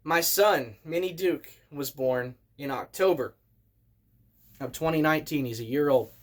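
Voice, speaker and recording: A man in his thirties, a vlogger telling a story in an excitable, animated way as a casual rant. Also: on the high side, unhurried. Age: 30s.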